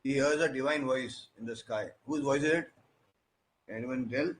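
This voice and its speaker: A man giving a storytelling sermon as a preacher, animated and often asking questions of his listeners. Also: mid-range voice, normal speed. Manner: animated, with many "you know" fillers and questions to the audience.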